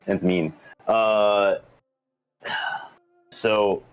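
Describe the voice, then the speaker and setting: A man's voice: lowish voice, fairly even intonation, very slow, clear, resonant tone, poor audio. A man playing a tabletop game, talking casually and hesitantly with many fillers. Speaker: player.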